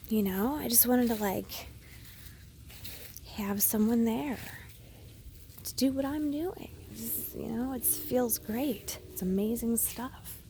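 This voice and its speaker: A woman vlogging in a personal, confessional way, sliding between hushed whispers and emphatic, swearing outbursts. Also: a little high, takes it slowly, slight background noise. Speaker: spiritual vlogger.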